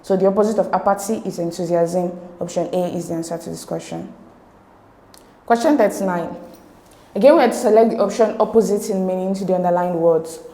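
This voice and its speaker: A woman's voice: fairly low pitch, fairly quick, warm tone, reverberant. A woman explaining exam answers step by step, methodical and repeating key words. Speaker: exam tutor.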